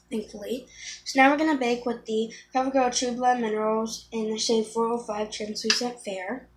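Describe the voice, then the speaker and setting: A woman's voice: a little high, background noise. Chatty teenage girl doing a makeup tutorial. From Florida. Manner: chatty, rambling, with frequent ums and restarts. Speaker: beauty vlogger. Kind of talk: casual makeup tutorial chat.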